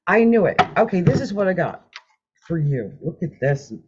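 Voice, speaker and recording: With frequent laughter and humming as she draws, a tarot card reader keeps her live stream chatty and animated. Her voice sits on the low side and moves at a normal speed. Background noise runs under a dull, lo-fi recording.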